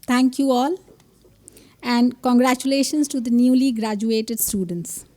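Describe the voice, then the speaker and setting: A woman's voice: on the high side, fairly even intonation, a little mellow. Woman, introducing a speaker. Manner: measured, listing credentials. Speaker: master of ceremonies. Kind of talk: reading a formal speaker introduction. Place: ceremony hall at a podium microphone.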